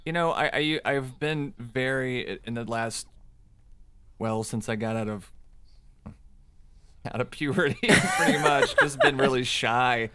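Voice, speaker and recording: A middle-aged man co-hosting a podcast, wry and self-deprecating, talking haltingly with many fillers. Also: mid-range voice, pushed and bright, clean tone, dry recording. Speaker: podcast co-host. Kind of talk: casual chat. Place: Chicago.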